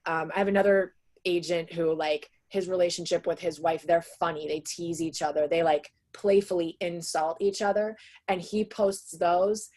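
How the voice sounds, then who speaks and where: Woman trainer in her 30s, slightly low voice, chatty webinar delivery heard over a video call, lots of ums and likes. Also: steady tone, normal speed, darkish tone. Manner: chatty, with many "um" and "like" fillers. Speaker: sales trainer presenting to real estate agents. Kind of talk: casual webinar presentation.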